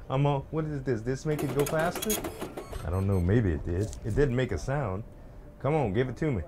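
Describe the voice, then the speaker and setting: A man's voice: medium pitch, lively intonation, normal speed, noisy background. A man playing a VR game, chatting casually to viewers and the objects he handles, with nervous laughs. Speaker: gaming YouTuber. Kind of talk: casual let's play commentary.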